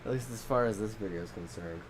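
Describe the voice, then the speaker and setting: A man co-hosting a casual podcast, telling rambling stories with a minor head cold and acting out quotes in squeaky voices. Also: fast talker, noisy background. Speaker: podcast co-host. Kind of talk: casual chat.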